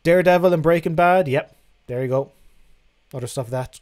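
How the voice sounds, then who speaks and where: A man's voice: on the high side, fast, a little mellow. A young man hosting a casual livestream, reading out viewer questions and answering them in a frank, chatty way that includes casual swearing. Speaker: livestream host.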